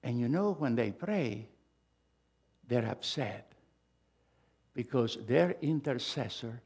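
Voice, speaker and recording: A middle-aged male pastor preaching a sermon, swinging from loud, emphatic bursts to hushed asides. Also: medium pitch, lively intonation, takes it slowly, breathy edge.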